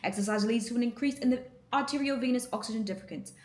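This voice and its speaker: A woman's voice: a little high, fast talker, a little mellow, echoey room, pitched above the performer's own voice, close to an everyday voice. A woman putting on a prim British news anchor. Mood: formal. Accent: British, put on. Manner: formal, reading aloud.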